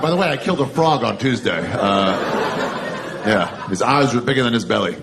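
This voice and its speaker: Man, 40s, stand-up comedian, deadpan, crude, conversational, mid pitch, loud laughing audience. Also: a little fast, creaky, heavy background noise. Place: comedy club stage. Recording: live comedy set with loud crowd laughter.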